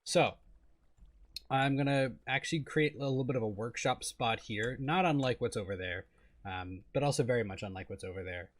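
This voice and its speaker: A man's voice: mid-range voice, normal speed. A man giving casual gameplay commentary, rambling and self-deprecating, often trailing off mid-sentence. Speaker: gaming video creator.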